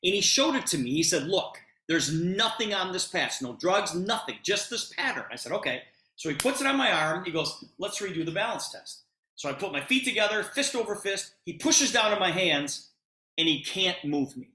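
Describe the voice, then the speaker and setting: A middle-aged man retelling a conversation to an audience with lots of expressive emphasis. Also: sits high, moderate pace, echoey room. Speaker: presenter telling a personal story. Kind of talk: animated storytelling to an audience.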